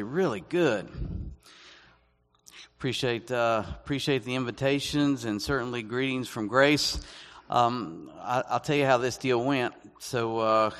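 A man preaching as a guest speaker, conversational and self-deprecating, reading scripture slowly and deliberately. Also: mid-range voice, a bit bright. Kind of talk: sermon. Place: church sanctuary. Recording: long echo of a church hall.

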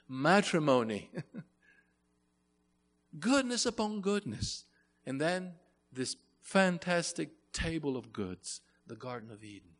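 A man's voice: fairly high pitch, very animated, slow, in a large hall. A man preaching a sermon in an earnest way, repeating phrases and rising to emphatic bursts.

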